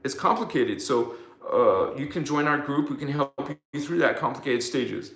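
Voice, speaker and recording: A man's voice: mid-range voice, animated, moderate pace, gravelly, fairly bright tone. A man hosting a spiritual live stream, leading repeated affirmations and chanting strings of invented syllables. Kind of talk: casual spiritual livestream talk with affirmations. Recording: echoey room.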